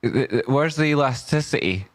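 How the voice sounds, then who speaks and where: A man's voice: mid-range voice, lively intonation, moderate pace, no echo, studio quality. A man, commenting on stocks in a rambling, casual way with lots of fillers, breaking into sweary rants. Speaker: stock market streamer.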